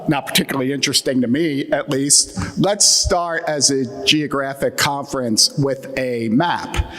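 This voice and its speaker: Guy with a philly accent giving a conference talk, slow and dry-humored, long hall echo. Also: mid-range voice, fairly bright tone. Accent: Philadelphia. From Atlantic Midland United States. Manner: wry, joking lecture tone. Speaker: conference speaker.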